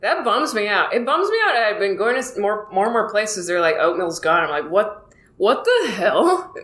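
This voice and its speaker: A woman's voice: medium pitch, expressive, brisk, fairly bright tone. A woman in her thirties, rambling casually through a solo comedy monologue, acting out quoted exchanges in a self-deprecating way. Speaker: comedian podcast host. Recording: echoey room with faint noise.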